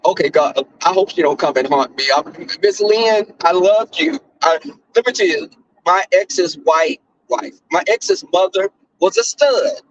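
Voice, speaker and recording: A man hosting a casual commentary chat, telling stories in a profane, animated way. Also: sits high, measured pace, muffled recording, a little hiss or hum.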